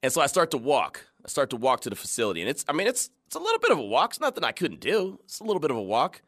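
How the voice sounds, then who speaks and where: A man hosting a radio show, telling a story in a casual, animated way, laughing and acting out the people he quotes. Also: a little high, rapid-fire. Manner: animated, laughing, retells scenes in quoted voices.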